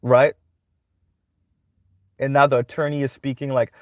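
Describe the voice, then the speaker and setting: A man's voice: mid-range voice, level tone, unhurried, dry recording, dull audio. A man hosting a commentary channel, giving a casual monologue that keeps checking in with "right?". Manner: conversational, repeats "right?" often.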